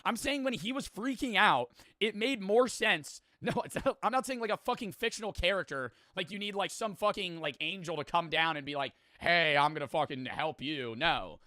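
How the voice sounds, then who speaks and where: A man with a bright, forward voice talks through a reaction video in loose, rambling commentary. He swears freely and jokes at his own expense. The sound is close and dry. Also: sits high, expressive, no room sound. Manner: rambling, profane, self-deprecating, quick to laugh.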